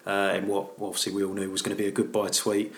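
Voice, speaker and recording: Chatty man with a lowish voice, echoey room. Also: monotone, fast talker. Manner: chatty, hesitant with fillers and restarts. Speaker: podcast co-host. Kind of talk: casual football podcast chat.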